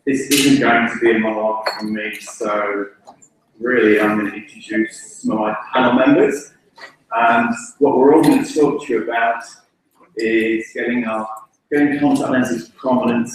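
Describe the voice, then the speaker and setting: A man's voice: medium pitch, fairly even intonation, unhurried, slight background noise. A man chairing a conference panel, introducing speakers in an informal, joking way with some restarts. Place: large lecture hall. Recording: echoey hall from far off.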